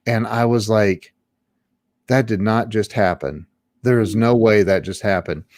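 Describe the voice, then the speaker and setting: Smooth-voiced man telling a story. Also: lowish voice, dry recording, studio quality. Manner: rambling with many restarts, animated when quoting others. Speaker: guest, social media marketing coach. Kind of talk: casual personal storytelling in an interview.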